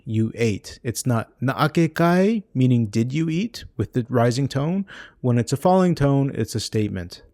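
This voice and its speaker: A man's voice: medium pitch, darkish tone, no echo, clean studio sound. A man patiently walking through a language-learning website, explaining each exercise as he clicks. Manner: patient, explanatory, thinking aloud while clicking. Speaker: language course creator. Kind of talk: screen-recorded website walkthrough.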